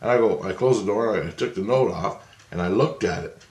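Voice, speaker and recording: A man's voice: on the low side, brisk, a little mellow, echoey room. A man rambling through a personal story in a casual monologue, restarting and repeating himself. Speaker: vlogger.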